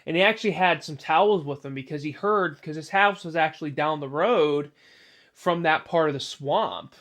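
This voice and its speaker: A man's voice: on the high side, moderate pace, fairly bright tone. A man narrating an improvised spoken story in a rambling way, full of "you know" asides.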